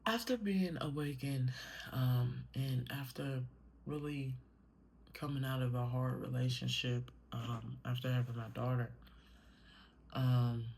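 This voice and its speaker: A woman's voice: extremely low pitch, fairly even intonation, measured pace, gravelly, a little mellow, slight background noise. A young adult woman talking casually in a personal vlog, meandering with many fillers and swearing when worked up. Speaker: vlogger.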